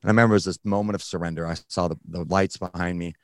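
Guy with a really low voice, blunt and slangy, halting storytelling, dry close sound. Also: fairly even intonation, dry recording. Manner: blunt, casual, uses slang; halting, with restarts and fillers. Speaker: guest recounting his addiction recovery. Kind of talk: candid personal storytelling.

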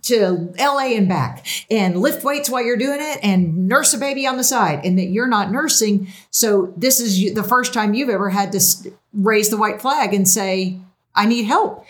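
A woman's voice: medium pitch, normal speed. A woman hosting a casual podcast conversation, affirming her guest and laughing along. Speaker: podcast host.

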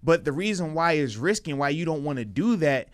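A man co-hosting a casual sports podcast, explaining his point at length in an animated way. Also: a little high, brisk, no echo. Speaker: podcast co-host.

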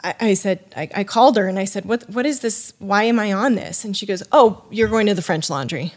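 A woman's voice: medium pitch, a little fast. A woman guest on a podcast, telling a story in casual chat, acting out the voices of the people in it and filling her talk with "you know" and "like". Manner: animated, acts out quoted dialogue; loose, full of fillers like "you know" and "like". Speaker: podcast guest, wine sommelier.

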